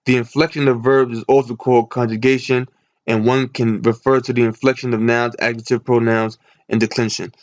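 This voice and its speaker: This is a Bible lesson shared from a computer screen, with the teacher questioning himself and supplying the answers while reading. The man talks a bit quickly in a flat, medium-pitched voice, and the audio lacks its highs.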